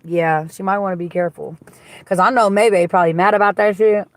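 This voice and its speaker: A woman chats her way through a livestream from a car, talking into a phone at a middle pitch. She is blunt and gossipy, swears freely and answers viewer comments as they come in. The sound is dry and close, with no room echo. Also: steady tone, a little fast. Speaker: livestream host. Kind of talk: casual live-stream chat reading comments. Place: inside a car.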